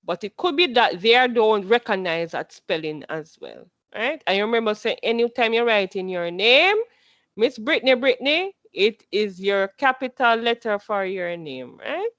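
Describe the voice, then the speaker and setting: A woman's voice: medium pitch, expressive, moderate pace, a bit bright, no echo, dull audio. Patient woman teaching a class. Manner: patient, repeats instructions and quizzes students. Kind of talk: classroom instruction.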